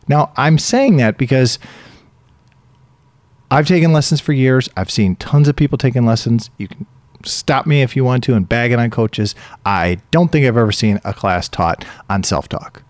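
Man, podcast host, casual chat, dry close sound, lively pitch. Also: moderate pace, no echo. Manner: chatty, reads quotes aloud, playful asides.

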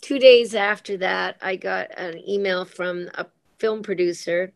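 A woman's voice: medium pitch, steady tone, a little slow, creaky, no room sound. A middle-aged woman, a former member of parliament, telling personal stories as an interview guest. She speaks earnestly and from the heart, often restarting her sentences and hesitating with fillers. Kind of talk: emotional personal storytelling in conversation.

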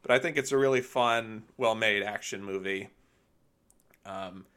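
A man co-hosting a casual podcast, rambling enthusiastically about films. His voice is bright and forward, and his talk is loose and full of fillers. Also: fairly low pitch, unhurried, smooth. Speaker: podcast co-host. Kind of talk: casual film chat.

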